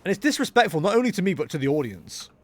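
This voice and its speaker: A young man chats away while he plays a game on stream, rambling from one thought to the next and joking as he goes. His voice sits a little high, and his pitch bounces around a lot as he talks. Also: big pitch swings, racing. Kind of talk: casual live-stream chatter while gaming.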